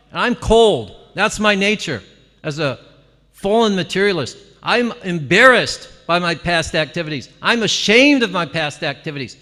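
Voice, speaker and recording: A man giving an animated devotional talk at a temple gathering, often breaking into laughter and exclamations. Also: high-pitched. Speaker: visiting speaker at a temple gathering. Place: temple hall. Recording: long reverb of a hall.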